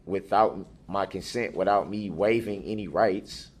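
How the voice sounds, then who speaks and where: A man making a formal, halting statement to a judge in court, speaking deliberately and restarting words. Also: deep voice. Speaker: defendant addressing a judge.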